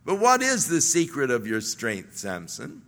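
A man voicing a coaxing, manipulative young woman in sermon storytelling, speaking in a soft, hushed, wheedling tone. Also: medium pitch, wildly swooping pitch, a little slow, full character voice. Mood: pleading.

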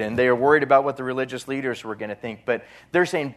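A man preaching a sermon, retelling a Gospel story with dramatic swings in loudness and voicing the people in it. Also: fairly high pitch, quick pace, hardly any pauses.

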